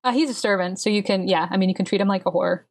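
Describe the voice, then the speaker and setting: A woman's voice: medium pitch, very fast. A woman running a tabletop role-playing game, narrating descriptively with many fillers. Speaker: game master.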